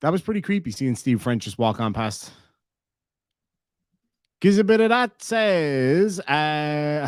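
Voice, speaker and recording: A man's voice: on the high side, lively intonation, measured pace, no echo, clean studio sound. An Irish man in casual chat, reading out viewer messages and telling rambling stories, swearing freely. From Ireland.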